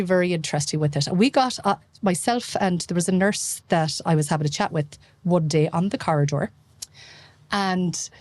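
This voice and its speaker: A middle-aged Irish woman, an emergency medicine consultant, telling stories in an animated way and acting out the dialogue as a podcast guest. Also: fairly low pitch, no echo. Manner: animated storytelling, acts out quoted dialogue. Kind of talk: casual interview chat.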